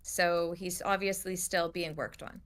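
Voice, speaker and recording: A woman's voice: on the low side, fairly even intonation, a little slow, fairly bright tone. A woman narrating as game master, casual and often restarting her sentences.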